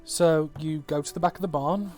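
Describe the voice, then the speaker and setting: A man's voice: on the high side, steady tone, moderate pace, darkish tone, faint music behind. A man with a West Midlands English accent, narrating a tabletop game as game master in a laid-back, swearing, rambling way from home. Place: home, online session.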